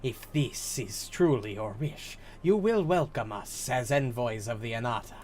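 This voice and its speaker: A man's voice: mid-range voice, expressive, darkish tone, slight background noise, close to an everyday voice. A man putting on a stern serpent-tribe envoy. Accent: put-on accent. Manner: slow, formal, measured delivery.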